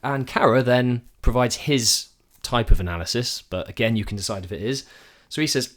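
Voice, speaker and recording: A man co-hosting a football podcast, ranting with animated energy. He explains tactics step by step like a teacher. His voice sits at an ordinary middle pitch. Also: moderate pace, few pauses. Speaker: podcast co-host. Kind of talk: casual football podcast chat.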